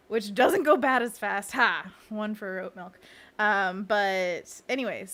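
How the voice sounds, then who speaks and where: A woman's voice: mid-range voice, a bit bright. A young adult woman, a children's book illustrator, chatting casually and laughing often on her live stream.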